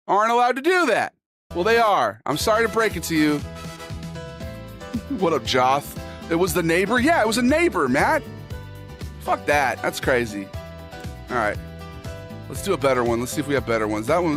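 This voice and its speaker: Over instrumental background music, a high-pitched man with a fairly bright tone runs a laid-back livestream. He reads posts out loud and reacts to his chat with crude, joking banter.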